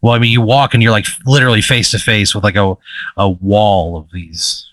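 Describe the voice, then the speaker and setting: A man narrating a tabletop game as game master, casual and halting, with lots of fillers and restarts. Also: fairly low pitch, steady tone, fairly bright tone, no echo.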